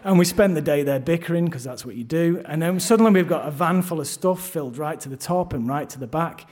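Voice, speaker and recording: A middle-aged London man tells a first-person story live on a theatre stage, wry and self-deprecating, with frequent restarts. His voice is a little high, a little fast and a little mellow.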